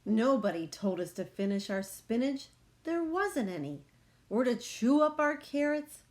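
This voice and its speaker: A woman reads a children's picture book aloud, her voice a little high, telling the story slowly and expressively.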